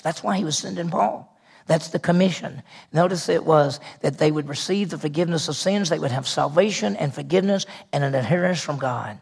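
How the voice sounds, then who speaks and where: Gravelly, husky preacher man. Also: on the high side, a little fast. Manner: conversational preaching with asides and repeated phrases. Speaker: pastor. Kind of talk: sermon.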